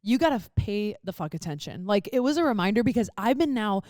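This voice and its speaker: A young woman co-hosting a casual podcast, her voice mid-pitched and lively. She tells a story with swearing and plays out her own reactions. The sound is dry and close to the mic. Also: quick pace, dry recording. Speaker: podcast co-host.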